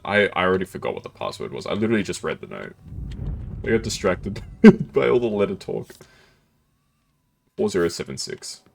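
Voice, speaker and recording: A man with a low voice talks through a detective game on stream, keeping it loose and jokey and poking fun at himself. His delivery is lively, swinging up and down in pitch. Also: gravelly. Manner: playful, giggly, self-deprecating. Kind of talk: casual gameplay commentary.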